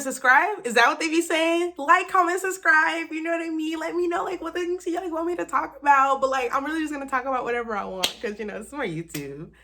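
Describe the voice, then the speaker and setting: A young woman from Texas talks straight to camera in a small apartment, loose and candid, peppering her talk with "like" and swear words. Her voice sits low for a woman. The delivery is casual vlog chat. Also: fairly bright tone. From Texas, USA. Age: young adult. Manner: chatty and candid, full of fillers and swearing. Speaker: vlogger, new teacher.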